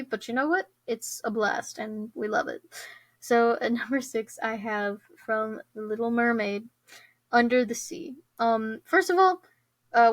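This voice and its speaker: A woman's voice: fairly high pitch, no room sound. A young woman hosting her own podcast in casual chat, bubbly and giggly, with many fillers and restarts. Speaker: podcast host.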